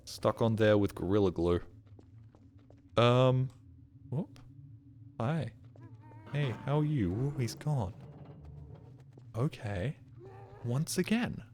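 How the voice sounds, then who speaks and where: A man streaming a game live, muttering sarcastic commentary and breaking into excited outbursts. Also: mid-range voice, slow pace, pauses often, slight background noise.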